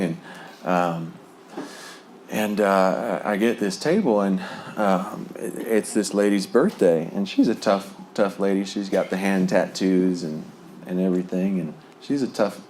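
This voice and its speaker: Man, very low voice, personal testimony, rambling, lots of fillers, chuckles, faint hiss. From New Jersey. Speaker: speaker sharing a recovery testimony.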